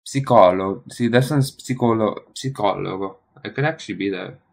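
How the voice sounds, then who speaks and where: A man thinking aloud while studying, hesitant and questioning himself, often trailing off into a quiet mutter. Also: lowish voice, moderate pace, vocal fry. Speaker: streamer studying Italian.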